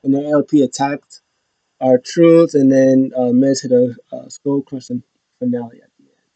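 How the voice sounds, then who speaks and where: A man casually recapping wrestling, rambling with lots of fillers and restarts, jumping into loud high voices when he quotes people. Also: little pitch movement, unhurried, dry recording, highs cut off.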